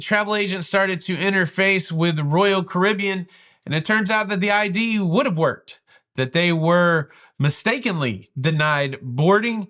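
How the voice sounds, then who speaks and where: A man with a slightly high voice hosts a cruise news rundown. He talks in a loose, joking way, full of asides and playful riffs. The delivery is lively and informal. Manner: chatty, jokey, lively delivery. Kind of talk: casual news commentary.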